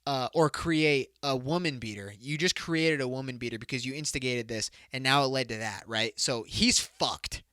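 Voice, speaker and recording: A man's voice: medium pitch, moderate pace, few pauses, sharp tone, clean tone, dry recording, clean studio sound. A man hosting a comedic solo podcast, telling a rambling, profane story and laughing at his own jokes. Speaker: podcast host.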